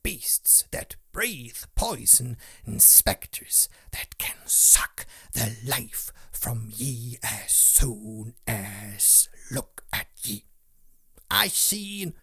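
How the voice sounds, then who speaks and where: A man voicing a small, boastful male goblin pirate who speaks in rough pirate dialect and often drops to a breathy hush. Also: medium pitch, big pitch swings, extremely slow, in a whisper, heavily acted.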